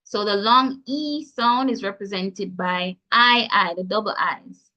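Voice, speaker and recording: A woman's voice: medium pitch, unhurried, bright, forceful tone. A woman with a Jamaican accent teaching pronunciation in an online class, encouraging and spelling out sounds with care. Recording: dull lo-fi call audio.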